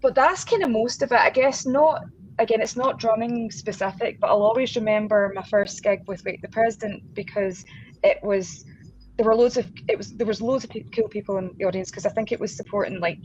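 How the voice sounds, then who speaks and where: A woman's voice: mid-range voice, fairly even intonation, brisk. Chatty self-deprecating woman on a dull call. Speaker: guest drummer and singer. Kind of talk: casual interview chat. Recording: slightly dull lo-fi audio with faint noise.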